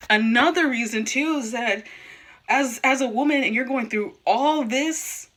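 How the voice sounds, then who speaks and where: Young woman vlogger, bright and forceful tone, emphatic candid rant with frequent restarts. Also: on the high side, fairly quick. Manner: emphatic, repeats and restarts words when worked up. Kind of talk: candid personal vlog rant.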